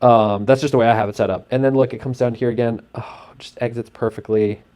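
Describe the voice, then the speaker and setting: Rambling, excitable man with a mellow voice. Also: mid-range voice, quick pace. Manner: rambling and excitable, heavy on fillers; acts out sound effects and his own thoughts. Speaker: host. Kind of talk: casual walkthrough narration over a screen.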